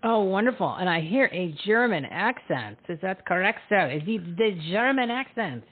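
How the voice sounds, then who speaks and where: A woman's voice: mid-range voice, animated, normal speed, no room sound. Chatty woman host on a tinny line. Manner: chatty, opinionated, filler-heavy. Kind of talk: casual talk show monologue.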